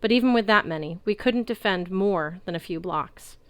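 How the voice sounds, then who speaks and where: A woman reading a novel aloud in a lively way, belting out the characters' shouts. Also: on the low side, moderate pace, smooth, no room sound. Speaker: audiobook reader.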